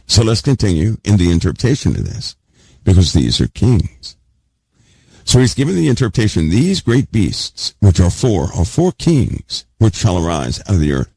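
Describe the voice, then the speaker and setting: A man's voice: low-pitched, darkish tone, husky, dry recording. A man teaching a Bible sermon emphatically, repeating key words and putting questions to his listeners. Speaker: preacher.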